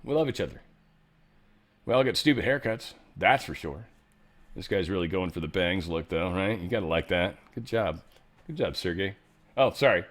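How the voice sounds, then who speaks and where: A man's voice: low voice, animated, moderate pace, pauses often. A man hosting a show, giving a casual news commentary monologue in an irreverent, joking and often profane way. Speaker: show host.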